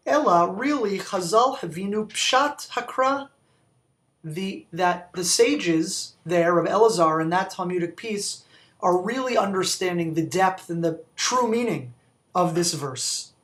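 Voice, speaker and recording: A man's voice: high voice, expressive, slow pace, a bit bright. A man, a rabbi, giving a Torah study talk, reading Hebrew quotes and explaining them in English with questions to his listeners. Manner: reads Hebrew quotations aloud.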